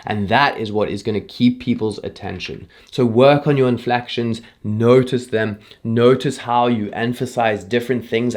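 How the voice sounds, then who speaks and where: A man talking straight to camera in a casual tutorial. He sounds relaxed and chatty, and he shifts his speed and emphasis to drive his points home. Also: lowish voice. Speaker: YouTube creator teaching on-camera presenting.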